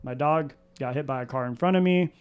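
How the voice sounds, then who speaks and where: A man's voice: medium pitch, brisk, clear, resonant tone. A man on a recovery podcast telling his own story in a candid, confessional way, often repeating phrases.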